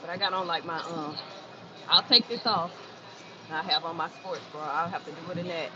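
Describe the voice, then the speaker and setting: A woman's voice: lowish voice, a little fast. A woman chatting casually on a livestream from an indoor gym, talking to viewers and repeating phrases for emphasis. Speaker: fitness livestreamer. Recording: muffled, noisy gym sound. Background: gym ambience.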